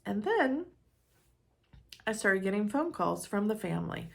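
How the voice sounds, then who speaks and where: A woman's voice: fairly low pitch, animated, normal speed, gravelly. A woman speaking earnestly and candidly as she tells a personal story in a talk.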